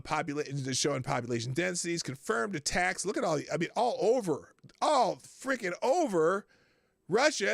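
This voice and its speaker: A man hosting a live political commentary show, animated, sarcastic and profane as he reads out the news. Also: sits high, gravelly, dry recording, clean studio sound. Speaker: host.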